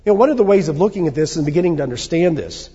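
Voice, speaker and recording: A man's voice: a little high, expressive, racing, warm tone, breathy edge. A man preaching a sermon to his congregation, talking conversationally with rhetorical questions and small fillers. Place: church hall. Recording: dull sound with long hall reverb.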